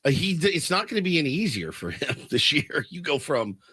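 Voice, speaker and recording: An excitable man hosting sports radio, his pitch swinging widely as he talks. The voice is bright and forceful. It is close and dry on a studio microphone. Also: fairly quick, slightly rough, dry recording. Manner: excitable, prone to loud bursts of laughter. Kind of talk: animated radio banter.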